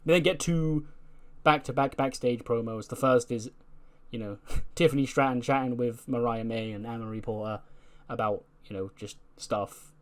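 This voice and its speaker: A man's voice: medium pitch, little pitch movement, normal speed, hardly any pauses. A man casually narrating a game playthrough in a chatty way, full of fillers. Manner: chatty, filler-heavy, laughs at own jokes. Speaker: let's play narrator.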